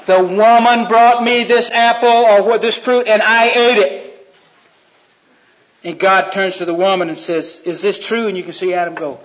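A man preaching a sermon, retelling Bible scenes in a folksy storytelling way that swings from loud to hushed. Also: high voice, moderate pace, muffled recording.

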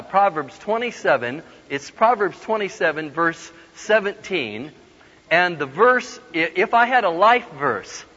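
Bright-voiced man preaching in a hall. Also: a little high. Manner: animated, laughs often, acts out quoted voices. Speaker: guest preacher. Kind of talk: humorous storytelling sermon. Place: large hall with an audience. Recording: dull lo-fi sound with long hall reverb.

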